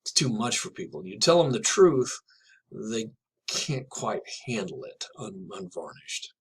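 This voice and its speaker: A man teaching a literature class in a chatty, digressive way, reading poems aloud slowly and telling jokes along the way. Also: on the low side, very animated, slightly rough, rough recording. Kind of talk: classroom lecture with poetry reading.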